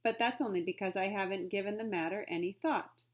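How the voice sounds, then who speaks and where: Woman reading as a proper male butler, calm and formal. Storybook voice. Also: mid-range voice, fairly quick, lightly acted. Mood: composed. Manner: composed, formal speech.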